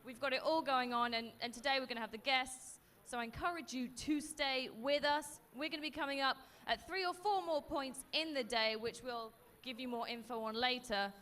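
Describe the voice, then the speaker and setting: Female host, bright and higher-pitched, bubbly live paddock chat outdoors. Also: normal speed, hardly any pauses. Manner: bubbly, laughs at herself.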